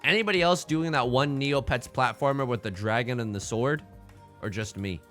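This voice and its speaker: A man's voice: mid-range voice, moderate pace, a bit bright, soft background music. A young man chatting casually on a livestream while he plays, joking and rambling through playful asides. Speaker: streamer.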